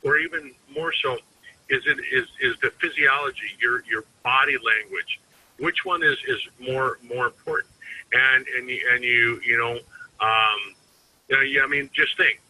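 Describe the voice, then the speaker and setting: A man's voice: mid-range voice, normal speed, pushed and bright, a little hiss or hum, low-quality recording. A man giving an informal sales training talk as a network marketing team trainer, rambling and conversational with frequent restarts.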